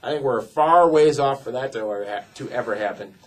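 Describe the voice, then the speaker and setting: A man's voice: mid-range voice, quick pace. A man co-hosting a casual wrestling show, reading viewer emails aloud with playful emphasis. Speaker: co-host reading viewer mail. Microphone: desk mic.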